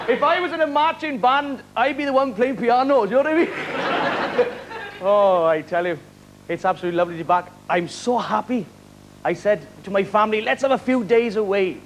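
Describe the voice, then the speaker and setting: A Welsh man doing stand-up comedy on a live talent show, firing off quick one-liners and chuckling at his own jokes. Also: sits high, animated, noisy background. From Wales. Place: television studio stage before a live audience. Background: studio audience laughter.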